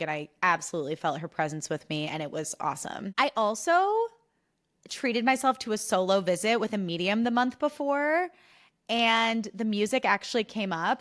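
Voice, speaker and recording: A woman's voice: medium pitch, fairly bright tone. A young woman hosting a solo podcast, talking candidly in a chatty, confessional way with lots of "like" and quoted back-and-forth. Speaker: podcast host.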